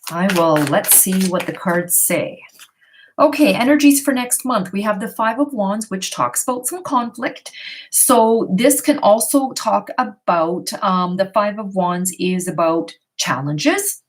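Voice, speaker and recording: A middle-aged woman at home giving tarot readings to viewers on a live stream, reading their questions aloud and answering in a chatty, reassuring way. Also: a little high. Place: her home. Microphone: computer or phone on a live stream.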